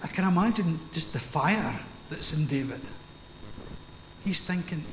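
Scottish preacher in an echoey hall. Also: male voice, on the high side, lively intonation, measured pace, long pauses, noisy background. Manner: storytelling, conversational, acts out Bible scenes. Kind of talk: sermon. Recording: echoey hall with long reverb.

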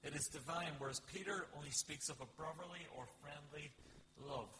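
A man's voice: fairly high pitch, moderate pace, bright, forceful tone. A man preaching a sermon, earnest and reflective, with rhetorical questions and dramatic readings of scripture. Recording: long hall reverb with faint hum.

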